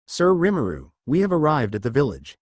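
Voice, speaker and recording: A man's voice: a little high, huge pitch swings, brisk, no room sound. A man voicing a nervous, deferential young goblin leader who stammers. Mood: eager.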